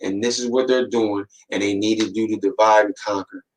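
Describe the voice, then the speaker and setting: A man's voice: fairly low pitch, fairly even intonation, brisk, low-quality recording. A man hosting a podcast in a casual monologue, speaking in slangy, streetwise talk and warning his listeners with a repeated "man" and "watch". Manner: slangy, streetwise storytelling that acts out quoted voices. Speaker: podcast host.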